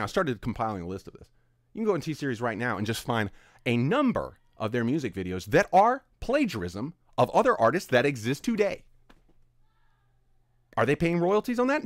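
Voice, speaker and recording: A man's voice: on the high side, no echo, studio quality. Emphatic man with a swooping voice. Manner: emphatic, exasperated, scolding. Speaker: video commentator. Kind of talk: opinionated commentary rant.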